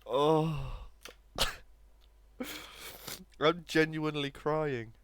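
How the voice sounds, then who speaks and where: A young man commentating on his own football video game match, laughing often and excitable. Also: on the high side, extremely slow, clear, resonant tone. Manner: giggly, excitable, laughs between lines. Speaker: gaming streamer.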